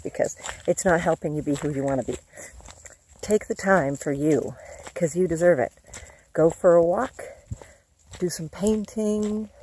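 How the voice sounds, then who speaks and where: A woman's voice: lowish voice, mellow. A middle-aged woman vlogging in a chatty, encouraging way, laughing often as she talks. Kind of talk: casual motivational vlog.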